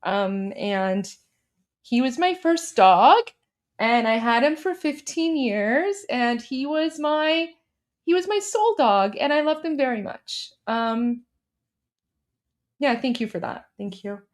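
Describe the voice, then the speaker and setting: A woman's voice: high voice, expressive, slow pace. Chatty, blunt woman hosting a live stream. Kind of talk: casual live-stream commentary reading viewer chats.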